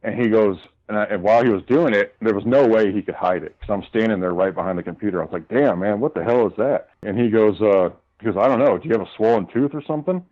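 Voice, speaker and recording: A man's voice: on the low side, fast, few pauses, highs cut off. A male guest casually recounting his run-ins with doctors in a heated, profane way. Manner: heated, profane retelling of arguments. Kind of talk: casual storytelling.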